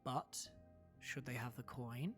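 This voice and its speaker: A man's voice: medium pitch, soft background music, natural voice. A man voicing a formal, guarded alchemy shopkeeper. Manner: slow, formal, wordy speech. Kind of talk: tabletop role-play.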